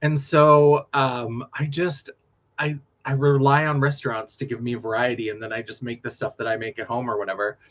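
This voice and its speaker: A man's voice: mid-range voice, normal speed. Chatty man on a late-night livestream. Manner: chatty and animated, laughs often, drifts between stories. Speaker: drag performer hosting a livestream.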